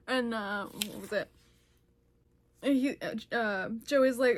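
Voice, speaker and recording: A young woman with a fairly high voice talks casually about a book, giggling and gushing as she goes. She records herself on her phone. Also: slow pace, long pauses. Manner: giggly, gushing, laughs often. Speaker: book vlogger. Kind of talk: casual reading vlog chat.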